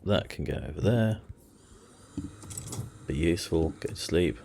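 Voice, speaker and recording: A man's voice: low voice, lively intonation, measured pace, creaky, darkish tone, a little hiss or hum. A man hosting a let's play, giving casual strategy game commentary and muttering to himself with self-deprecating asides.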